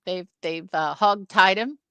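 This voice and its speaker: A woman co-hosting a casual film discussion, animated and jumping into movie lines. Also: a little slow, clear, resonant tone, no room sound. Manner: animated, acts out movie lines with sudden pitch jumps. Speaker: film review co-host.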